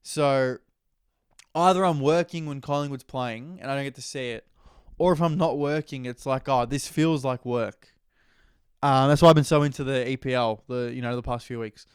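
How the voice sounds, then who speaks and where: A man's voice: medium pitch, a little fast, smooth, no echo, clean studio sound. A man with an Australian accent hosting a solo podcast in rambling, crude, jokey casual chat. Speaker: podcast host.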